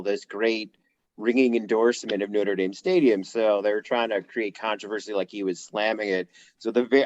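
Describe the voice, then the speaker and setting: A man co-hosting a casual podcast, telling stories in an animated way and acting out quotes. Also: fairly low pitch, no echo, highs cut off. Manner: animated storyteller, acts out quotes. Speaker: podcast co-host.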